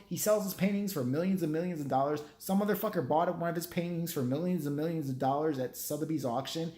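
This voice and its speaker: A man's voice: fairly high pitch, darkish tone. A man telling a profane, sarcastic story in a rambling rant as a vlogger. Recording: roomy echo.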